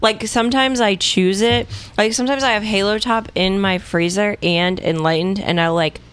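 A young woman in a relaxed podcast chat. She teases her co-hosts and talks loosely. Her pitch is middling for a woman. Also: moderate pace, clear, resonant tone. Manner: playful, laughs while talking. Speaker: podcast co-host. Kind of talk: casual chat.

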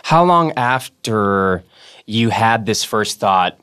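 A man hosting a podcast, asking relaxed, probing questions in casual conversation. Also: lowish voice, slow, clean tone. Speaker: podcast host.

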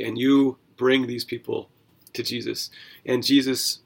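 A man's voice: mid-range voice, flat delivery, unhurried, vocal fry. A man hosting a devotional Bible podcast, talking in an earnest, conversational way with asides and self-corrections. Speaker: podcast host.

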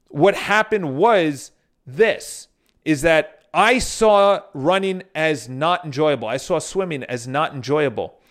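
A man's voice: fairly high pitch, a bit bright. A man speaking to viewers in a casual motivational monologue, telling stories with frequent restarts and casual swearing. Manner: addresses viewers directly.

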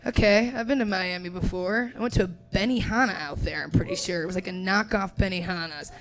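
On a club stage, a young woman from Indiana, USA, riffs with the audience in crude, laugh-filled stand-up crowd work. Her mid-range voice moves at a fairly quick pace, and the live recording catches the crowd's laughter.

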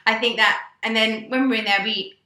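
A young woman from England telling a story in casual chat, animated and swearing, acting out the voices she quotes. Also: fairly high pitch, brisk, echoey room. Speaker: guest.

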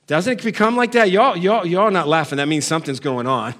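A man preaching a sermon, firing rhetorical questions at the congregation and swinging from loud calls to quiet, low asides, now and then putting on nagging family voices for laughs. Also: fairly quick, hardly any pauses. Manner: puts on nagging family voices for comic effect. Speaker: pastor.

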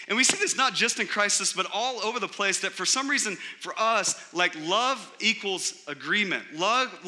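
A man's voice: high-pitched, sharp tone. Man preaching in a large echoing hall. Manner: preaching with pauses and emphatic repetition. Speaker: pastor. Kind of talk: sermon. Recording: long hall reverb.

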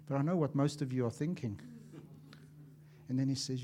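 A man preaching a sermon as an evangelist, impassioned and swinging from loud to hushed, acting out little dialogues as he tells stories. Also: mid-range voice, moderate pace, a little hiss or hum. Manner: acts out dialogue in storytelling.

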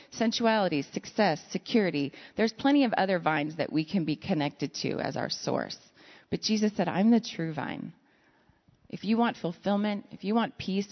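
A woman's voice: fairly low pitch, vocal fry. A woman preaching a conversational sermon, telling stories with self-deprecating asides. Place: church sanctuary. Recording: lo-fi sound in a reverberant hall.

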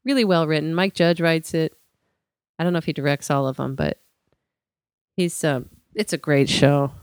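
A woman's voice: deep voice, moderate pace, smooth, dry recording, studio quality. A woman co-hosting a podcast in casual chat, rambling and chatty with lots of fillers. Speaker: podcast co-host.

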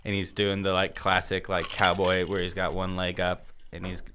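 A man's voice: low voice, completely flat delivery, background noise. A comedian guesting on a podcast in a studio, rambling through an absurd improvised story and correcting himself as he goes. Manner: slow, rambling, self-correcting.

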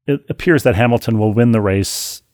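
A man co-hosting a podcast, reading listener mail aloud and then telling a story in a wry, animated way, with frequent restarts, on a close studio mic. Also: mid-range voice, a little fast, no echo. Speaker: podcast co-host.

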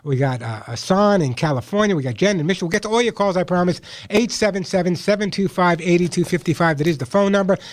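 A man hosts a call-in radio show about pets, giving emphatic advice, repeating his points and putting on dog voices for jokes. His voice sits high, and he talks fast with hardly any pauses. The recording is dry.

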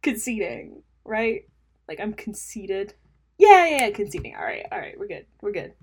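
A woman's voice: mid-range voice, normal speed, breathy edge. A young woman hosting a casual solo podcast, rambling and self-mocking, laughing at her own jokes and dropping into mumbled asides. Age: young adult. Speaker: podcast host.

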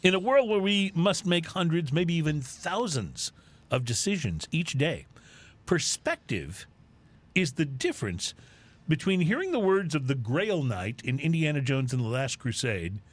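A man's voice: fairly high pitch, measured pace. A man co-hosting a podcast, casually chatting and reading out comic news stories. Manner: jokey, animated storyteller. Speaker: podcast co-host.

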